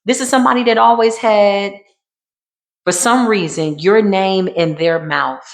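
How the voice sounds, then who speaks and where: A woman's voice: medium pitch, fairly even intonation, unhurried. Sassy woman reading tarot. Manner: sassy, dramatic, swings between hushed and emphatic. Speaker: tarot reader. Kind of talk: tarot card reading monologue.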